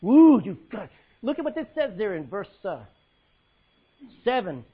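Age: adult. Sex: male. Role: preacher, husky and animated. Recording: muffled, lo-fi. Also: a little slow. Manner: emphatic, swings from loud high calls to low hushed lines. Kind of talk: sermon.

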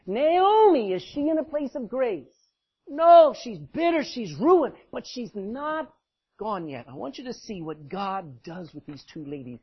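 A man preaching a sermon as pastor, animated, swinging from loud emphasis to quiet asides and laughing often. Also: sits high, breathy edge. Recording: dull lo-fi recording.

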